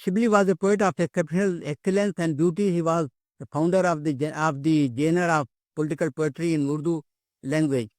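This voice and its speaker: A man's voice: a little high, steady tone, fairly quick, no room sound. An older man giving an academic lecture, hesitant, with many fillers and repeated words.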